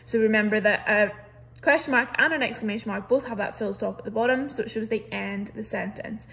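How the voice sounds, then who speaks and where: Bright and forceful, this woman's voice runs on the high side and moves fairly quickly. She's a primary school teacher giving a recorded grammar lesson online, patiently and clearly explaining into a computer mic with lots of "so"s and "um"s.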